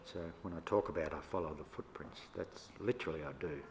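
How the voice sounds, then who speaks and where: An older Australian man, a First Nations elder, telling stories to an audience in a relaxed, yarning way with laughs between them. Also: extremely low pitch, fast talker. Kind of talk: storytelling talk to an audience. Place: church hall. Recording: echoey hall, faint room noise.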